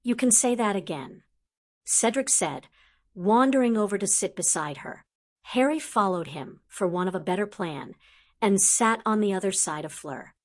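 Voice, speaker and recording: Woman narrator, steady measured fantasy audiobook reading. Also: medium pitch.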